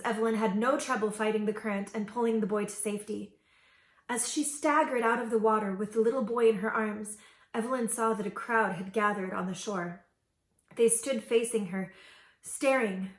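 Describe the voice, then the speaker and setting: A woman reading an original fairy tale aloud to children, with gentle, expressive storytelling. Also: mid-range voice, normal speed. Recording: echoey room.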